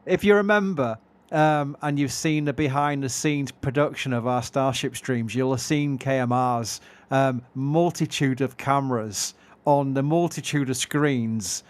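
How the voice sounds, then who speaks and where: A man's voice: mid-range voice, a little slow. A man with a Yorkshire accent chatting casually and self-deprecatingly as a livestream co-host. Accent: Yorkshire English. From England. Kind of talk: casual live-stream chat.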